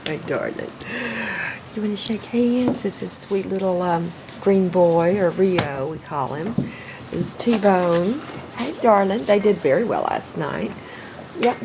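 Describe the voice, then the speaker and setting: Gravelly middle-aged woman cooing over puppies. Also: mid-range voice, animated, moderate pace. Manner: doting, rambling, coos baby talk at puppies. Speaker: dog breeder. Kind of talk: casual home video. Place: bedroom at home. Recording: noisy home video audio.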